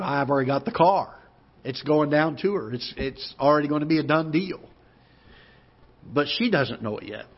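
Earnest Midwestern pastor telling a story. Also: male voice, a little high. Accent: Midwestern American. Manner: storytelling, earnest, many restarts and pauses. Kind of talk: sermon. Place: church auditorium. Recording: muffled church broadcast audio.

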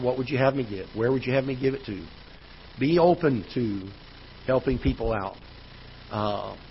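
A man, a pastor, preaching a sermon in a church auditorium, telling a personal story in a conversational way, growing loud at the frustrating parts. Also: medium pitch. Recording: dull church livestream audio with faint noise.

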